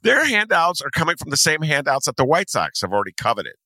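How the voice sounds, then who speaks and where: A man hosting a podcast, talking in a loose, sarcastic and animated rant about local news. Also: on the high side, fast talker, no echo. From Chicago. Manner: animated, sarcastic ranting with laughs. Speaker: podcast host. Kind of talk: casual commentary monologue.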